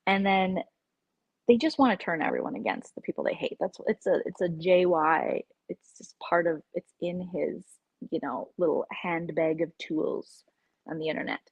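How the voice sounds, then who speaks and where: Husky woman in gossipy live chat. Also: lowish voice, moderate pace, no echo, poor audio. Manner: gossipy and candid, sometimes dropping to a whisper. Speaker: vlogger hosting a live chat. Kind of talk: casual live-stream chat.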